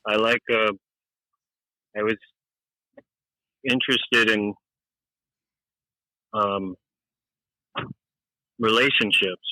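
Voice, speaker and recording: A man playing a shy, awkward caller who speaks in a halting, hesitant way in an improvised comedy sketch. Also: fairly low pitch, steady tone, sharp tone, no echo, full character voice, poor audio.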